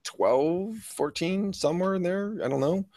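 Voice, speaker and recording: A man's voice: high-pitched, unhurried, darkish tone, no echo, clean studio sound. A middle-aged man co-hosting a podcast, telling a rambling story in casual chat, swearing freely and laughing often. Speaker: podcast co-host.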